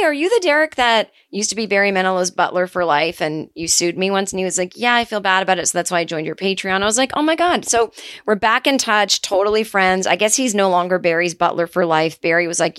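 A middle-aged woman hosting a comedy podcast, telling an absurd story in a casual, deadpan way with quick asides. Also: on the low side, dry recording, studio quality.

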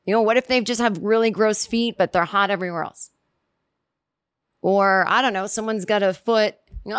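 A woman telling a comic story in a rambling, self-interrupting way, full of "like" and "you know", with sudden jumps in pitch for emphasis. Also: moderate pace, clear, resonant tone, dry recording, clean studio sound.

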